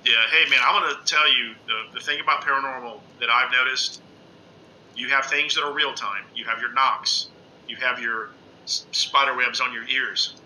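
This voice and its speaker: A middle-aged man chatting casually on a live stream from home, rambling excitedly and calling everyone "man" with lots of uh's. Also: mid-range voice, slight background noise, poor audio. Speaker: ghost-hunting live streamer. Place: indoors at home under a lamp.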